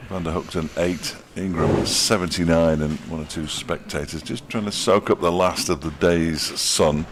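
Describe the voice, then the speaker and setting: A man's voice: low voice, fairly even intonation, normal speed, noisy background. A middle-aged man giving ball-by-ball cricket commentary, with dry, wry asides between deliveries.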